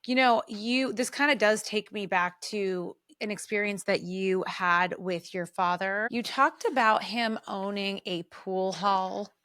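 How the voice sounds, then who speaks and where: A woman interviewing a guest, speaking in a warm, encouraging and affirming way. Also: medium pitch, steady tone, a little slow, hardly any pauses, no room sound, studio quality. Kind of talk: supportive interview talk.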